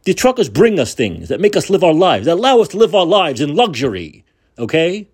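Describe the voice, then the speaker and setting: Angry man, swearing, sarcastic, pitch swinging all over, fairly high voice, a political rant. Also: big pitch swings, brisk, darkish tone, breathy edge. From United States. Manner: angry, profane, sarcastic ranting; repeats words for emphasis. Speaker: podcast host.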